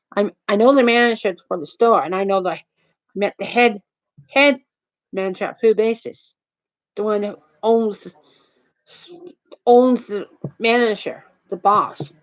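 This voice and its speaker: A woman tells a story from her own life in a rambling, repetitive way, circling back over the same points with heat. Her voice sits at an ordinary middle pitch. The recording is dull and lo-fi. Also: moderate pace. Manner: rambling, repetitive, heated retelling. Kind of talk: casual personal anecdote.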